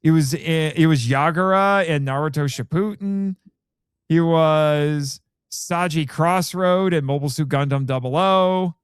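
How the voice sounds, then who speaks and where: A chatty man with a smooth, clear voice, recorded close and dry. His voice sits a little high, and he rattles off names while checking his notes in a relaxed podcast chat. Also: measured pace, no echo. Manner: chatty, reads out cast names while looking things up. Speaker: podcast co-host. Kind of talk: casual podcast chat about films.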